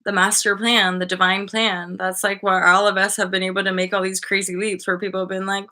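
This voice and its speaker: A woman's voice: medium pitch, fairly even intonation, moderate pace, sharp tone. A woman in her thirties hosting a casual live-stream chat, bubbly and laughing often, swearing freely and acting out voices as she tells stories. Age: 30s. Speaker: host.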